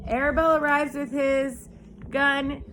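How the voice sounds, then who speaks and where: A woman's voice: high-pitched, flat delivery, takes it slowly, fairly bright tone, a little hiss or hum, voice pushed up. A woman reading aloud, voicing an old female sheep who delivers bad news bluntly. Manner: blunt, matter-of-fact gossiping.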